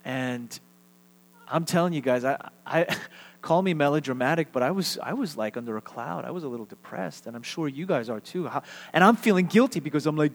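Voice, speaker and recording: A man's voice: a little high, animated, fairly quick. A man preaching a sermon as pastor, speaking conversationally and leading his congregation in call-and-response. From Texas. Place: church sanctuary. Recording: reverberant hall.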